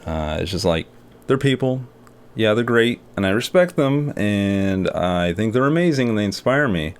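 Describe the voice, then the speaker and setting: A man's voice: fairly low pitch, animated, normal speed, clean tone. Rambling man telling a vlog story. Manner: rambling, with many fillers and restarts. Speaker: artist and video creator.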